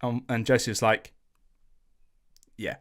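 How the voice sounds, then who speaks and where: A man hosting a podcast tells a history story in a loose, chatty way. He swears freely and slips into slangy voices when he quotes people. His voice sits at an ordinary middle pitch. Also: little pitch movement, slow pace. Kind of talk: casual storytelling chat.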